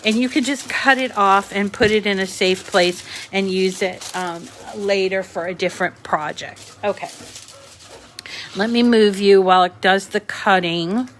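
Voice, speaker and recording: A woman's voice: medium pitch, fairly even intonation, measured pace, fairly bright tone, a little hiss or hum. Chatty New England woman crafter. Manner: chatty, talks to viewers and reads their comments. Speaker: crafting channel host. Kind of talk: live-stream craft tutorial.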